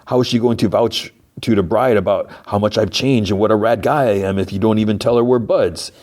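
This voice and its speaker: A man with a low voice voicing a sulky male monster who whines for approval. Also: brisk, a little mellow, close to an everyday voice. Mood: whiny. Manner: whiny, pouting.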